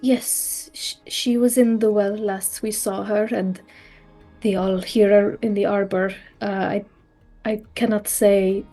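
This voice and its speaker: A woman's voice: medium pitch, level tone, slow pace, mellow, soft background music. A woman playing in a tabletop game, speaking hesitantly with restarts. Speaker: player. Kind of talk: in-character tabletop play.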